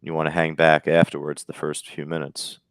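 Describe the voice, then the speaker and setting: A man hosting a live day trading show, talking in a relaxed, conversational way with lots of fillers. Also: rumbling low, normal speed, smooth, dry recording. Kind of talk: casual live trading chat.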